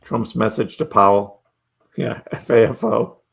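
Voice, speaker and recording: A man's voice: on the low side, unhurried, vocal fry, background noise. A middle-aged man hosting a casual live stream, chatting loosely with his viewers, reading their messages aloud and laughing often. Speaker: livestream host.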